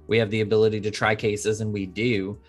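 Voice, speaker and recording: A man's voice: fairly low pitch, a little fast, soft background music. A man in his thirties, an insurance attorney, talking casually in a podcast interview and acting out dialogue as he tells stories. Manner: animated storyteller, acts out quoted dialogue.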